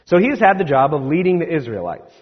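A man's voice: a little high, very animated, brisk, breathy edge. A male pastor preaching a sermon, retelling scripture casually and asking the congregation rhetorical questions. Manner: conversational storytelling with rhetorical questions. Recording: echoey hall, slightly dull.

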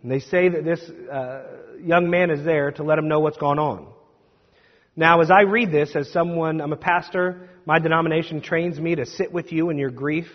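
A man's voice: on the high side, steady tone, normal speed. A male pastor delivering a sermon in a conversational, emphatic way, with asides to the congregation, in a church. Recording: dull recording with long hall reverb.

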